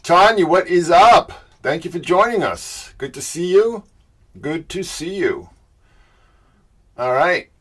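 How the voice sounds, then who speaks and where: A man's voice: high voice, animated, takes it slowly, long pauses, a bit bright, breathy edge. Man, Boston accent, middle-aged, livestream host, casual chat, upbeat greetings to viewers. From Boston area.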